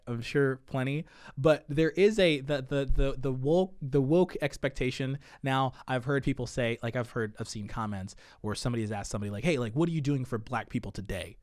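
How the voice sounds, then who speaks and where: A man in his thirties, a podcast guest, talking in a hesitant, halting way with many restarts. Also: mid-range voice, dry recording, clean studio sound. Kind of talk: casual conversation.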